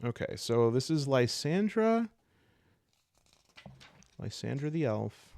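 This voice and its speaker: A man's voice: mid-range voice, big pitch swings, slow pace, creaky, darkish tone, no echo. A man hosting and narrating his solo tabletop game in chatty, self-correcting talk to his viewers. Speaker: solo game player and host.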